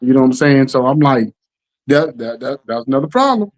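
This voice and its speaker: A middle-aged man hosting a casual podcast chat, telling animated stories and acting out the quotes. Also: medium pitch, a little fast, low-quality recording. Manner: animated storytelling, acts out quotes, keeps asking "you know what I'm saying". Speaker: podcast host.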